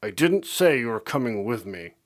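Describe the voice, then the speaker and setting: A man voicing a quiet, solitary male pony who speaks in a flat, matter-of-fact way. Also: mid-range voice, moderate pace, natural voice.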